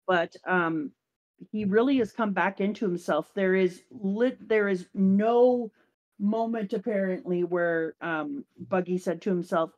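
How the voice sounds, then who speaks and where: Animated woman recapping an anime. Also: mid-range voice, unhurried. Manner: animated, acts out character lines. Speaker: podcast host. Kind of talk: casual anime recap chat.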